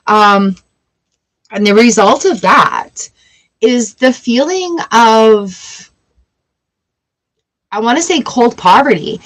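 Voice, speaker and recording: A woman's voice: medium pitch, expressive, measured pace, pauses often. A woman giving a casual tarot reading, chatty and playful, with the odd swear word. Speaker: tarot reader.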